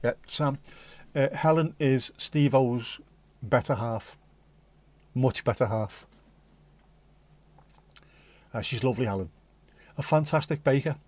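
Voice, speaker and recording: A man's voice: mid-range voice, takes it slowly, long pauses, darkish tone. A middle-aged man with a Liverpool accent, hosting a livestream and chatting casually to his live chat with jokey, rambling asides. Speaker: livestream host.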